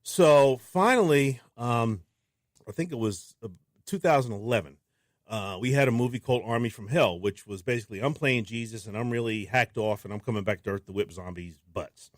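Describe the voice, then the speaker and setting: A man, a filmmaker guest on a radio show, talking in a casual, animated way and acting out what people said to him. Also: medium pitch, moderate pace, no echo, clean studio sound. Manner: animated storyteller who acts out quotes. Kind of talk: casual interview talk. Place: radio studio.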